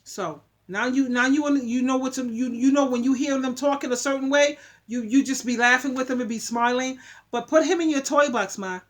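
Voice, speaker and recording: A woman's voice: high-pitched, brisk. A woman giving relationship advice in a casual, opinionated monologue. She talks emphatically, like a preacher, and repeats her points for emphasis.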